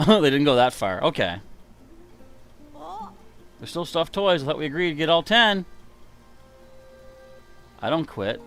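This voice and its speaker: A man's voice: fairly high pitch, big pitch swings, unhurried, pauses often, fairly bright tone, soft background music. A man streaming a game live, joking and mock-outraged at it as he plays. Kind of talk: casual live gaming commentary.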